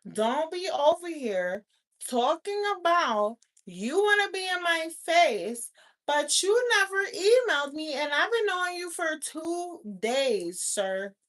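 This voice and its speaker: A woman's voice: high voice, big pitch swings, slow, a bit bright. A woman rants straight to her viewers. She is blunt and profane, scolding hard and cursing often in a loose, casual vlog delivery. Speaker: vlogger. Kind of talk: casual rant to camera.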